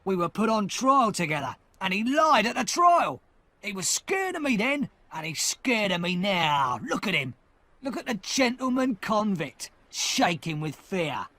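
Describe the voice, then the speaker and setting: A man reading an audiobook, voicing a hard, defiant escaped convict who talks loudly and forcefully. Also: sits high, big pitch swings, a little slow, no room sound, voice pushed up, heavily acted. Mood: scornful. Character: fierce hard old male escaped convict.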